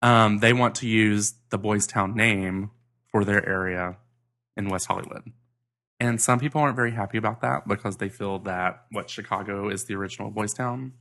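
A laid-back man hosts a casual podcast, chatting and reading out items from the paper. His voice sits fairly low, with a gravelly edge and a bright tone. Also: moderate pace. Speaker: podcast host. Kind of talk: casual chat.

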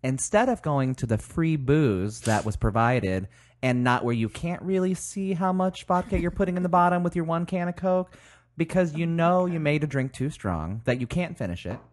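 A man's voice: on the high side, animated, moderate pace. A man co-hosting a podcast in casual chat, making dry, sarcastic, teasing remarks. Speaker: podcast co-host.

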